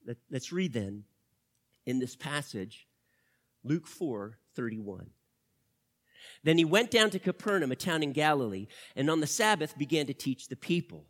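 A male pastor preaching a teaching sermon, swinging from loud emphasis to quiet asides and asking the audience questions. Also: on the high side, very animated, measured pace, no echo. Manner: asks the audience direct questions.

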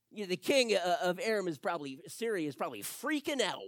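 Lively preacher telling bible stories, voice jumps all over, loud then quiet, dry close sound. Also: medium pitch, fast, no echo. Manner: animated, emphatic storytelling preacher. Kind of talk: sermon.

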